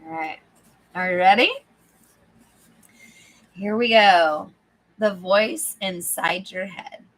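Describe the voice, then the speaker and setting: A woman's voice: fairly low pitch, takes it slowly. A woman hosting a book club, reading aloud casually, acting out lines, laughing, and checking in with listeners. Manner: animated, acts out the inner voice, laughs often. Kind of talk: live book club reading with chat asides.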